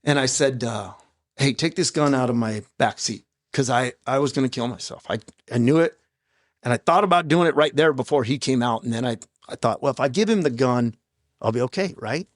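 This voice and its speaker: A man's voice: mid-range voice, lively intonation, no echo, studio quality. Candid man telling his story on a podcast. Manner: raw and candid, halting, with blunt profanity. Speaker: podcast guest. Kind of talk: candid personal storytelling in an interview. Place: podcast studio. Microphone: studio microphone.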